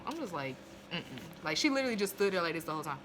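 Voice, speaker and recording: A woman's voice: lowish voice, big pitch swings, very fast, noisy background. A young woman recapping a TV episode in a casual, profane, blunt way, laughing as she goes, recorded on a phone at home. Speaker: TV episode reviewer.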